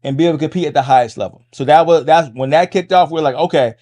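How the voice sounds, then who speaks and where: A middle-aged man hosting a podcast, talking fast in a casual monologue, restarting phrases and tagging lines with "right?". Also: fairly high pitch, a little mellow. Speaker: podcast host and MMA coach.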